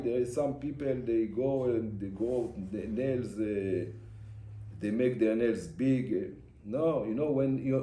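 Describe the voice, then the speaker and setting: A man's voice: medium pitch, mellow. A man who is a rabbi, giving an emphatic, repetitive sermon in English and mixing in terms. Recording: echoey room.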